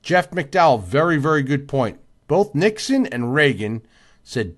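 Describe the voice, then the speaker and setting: Hosting a laid-back livestream while clearly tired, a man reads viewer comments by name, repeats himself emphatically and occasionally yawns. His voice is fairly high with big pitch swings, at a measured pace.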